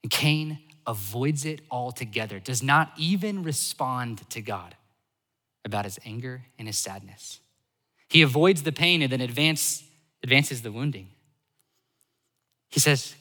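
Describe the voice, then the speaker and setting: Male pastor in a sermon, bright and forceful tone, lively swings in loudness. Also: medium pitch, a little slow, pauses often, long reverb tail. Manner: animated, swings between loud emphasis and soft asides.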